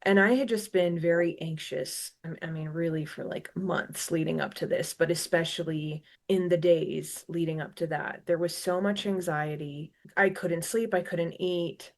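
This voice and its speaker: Woman, 30s, host; low-ish voice, emotional confessional storytelling, repeats herself, close to tears. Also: vocal fry. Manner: reflective, emotional, repeats phrases. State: tearful. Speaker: podcast host. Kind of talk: personal storytelling.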